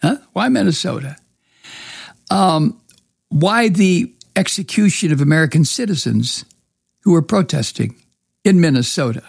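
Gravelly, profane, ranting male commentator. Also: a little high, expressive, normal speed, no room sound, studio quality. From Georgia. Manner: angry, profane, sarcastic ranting with many fillers. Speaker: political commentator. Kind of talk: opinionated news commentary.

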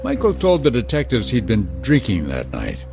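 A man reading a scripted true-crime narration in a measured way, with dramatic pauses. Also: mid-range voice, huge pitch swings, gravelly. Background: music.

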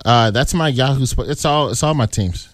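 A man's voice: medium pitch, moderate pace, no echo. A man talking in a casual, slangy, laid-back way, often laughing, as a guest on a radio talk show. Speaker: actor guest. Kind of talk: casual chat.

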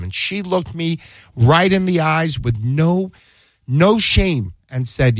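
Chatting casually, a man who works as a defense attorney recounts a courtroom story with animation, performing the quoted lines himself. He speaks slowly in a fairly high voice, with no echo on the recording.

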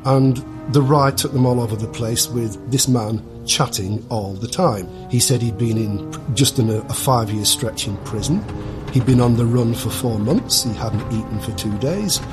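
A man recounting events in a documentary interview, telling it as a story with small restarts. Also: mid-range voice.

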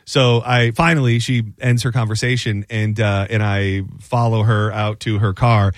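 A man's voice: mid-range voice, normal speed, hardly any pauses, no room sound. Rambling storytelling man, dry close sound. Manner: rambling, animated storyteller who acts out quotes. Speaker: radio show co-host. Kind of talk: casual banter storytelling.

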